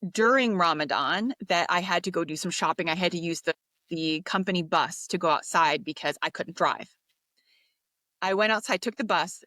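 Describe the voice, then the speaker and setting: Interview guest, woman, lowish voice, animated storyteller who acts out quotes, dry close mic. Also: no room sound. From United States. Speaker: podcast guest.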